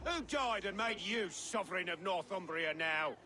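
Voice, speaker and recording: Blunt rough game villager, high and bright-voiced. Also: male voice, animated, moderate pace, full character voice. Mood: defiant. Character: rough defiant male villager.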